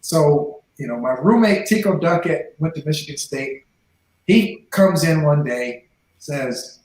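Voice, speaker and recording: A man's voice: a little high, expressive, a little slow, a little mellow. A man in his forties, a former professional football player, telling his life story in a podcast interview and acting out the voices in the dialogue he quotes. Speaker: guest, former NFL player. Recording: echoey room.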